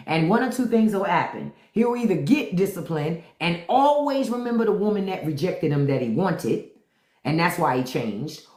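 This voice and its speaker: Middle-aged woman host, lively swooping delivery, low voice, blunt and profane, in an echoey room. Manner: blunt, profane, animated storytelling. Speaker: host of a live stream. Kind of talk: casual live-stream chat with viewers.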